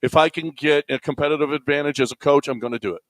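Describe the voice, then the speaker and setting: A man's voice: a little high, fast, no room sound. A man co-hosting sports talk radio, hammering his point with emphatic repetition. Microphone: studio microphone.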